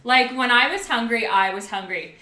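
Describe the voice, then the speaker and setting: Lively young woman chatting, echoey. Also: on the high side, normal speed. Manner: lively, chimes in. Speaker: podcast co-host. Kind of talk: casual chat.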